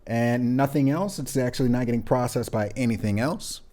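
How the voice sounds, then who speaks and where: A man hosting a relaxed, enthusiastic gear review from his home recording studio, talking into a large studio condenser mic on his desk. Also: mid-range voice, fairly quick. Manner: relaxed, enthusiastic, repeats phrases. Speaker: host.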